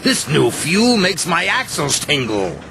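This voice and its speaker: A man's voice: on the high side, huge pitch swings, measured pace, gravelly, noisy background, voice pushed up, exaggerated voice. A man voicing a sneering, boastful male diesel engine in a storybook reading. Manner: mocking, boastful. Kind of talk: storybook character voice.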